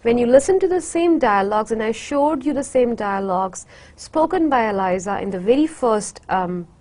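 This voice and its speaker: A woman's voice: on the high side, animated, normal speed, darkish tone. A woman giving a university literature lecture, hesitant with many fillers, repeating words to demonstrate their sounds.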